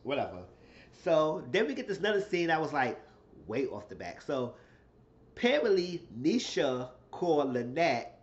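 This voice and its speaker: Dude doing a reality show recap, animated and cussing a lot, kinda muffled lo-fi audio. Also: male voice. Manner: animated storytelling, shifting into high acted quotes. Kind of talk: casual profane recap.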